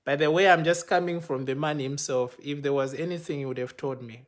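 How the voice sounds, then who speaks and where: A man telling his own story live over a phone, his voice sitting a little higher than most men's. He plays out the exchanges he recounts, rising and quickening when he quotes others. It is a casual, unscripted account. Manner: animated retelling, acting out quoted exchanges. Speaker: pastor. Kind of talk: personal storytelling on a livestream. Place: home, speaking to a phone for a live video. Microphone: phone microphone.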